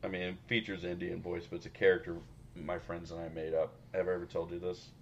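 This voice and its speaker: Man, podcast co-host, very low voice, rambling, profane, casual chat. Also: flat delivery, quick pace, lo-fi sound, a little hiss or hum. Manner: rambling, profane, laughing often.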